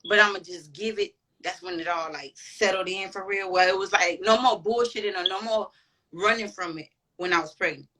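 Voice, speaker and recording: Bright-voiced woman telling a candid story. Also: medium pitch, a little fast, a little hiss or hum, low-quality recording. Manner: candid, profane, slangy and emphatic. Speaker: guest. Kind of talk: casual storytelling chat.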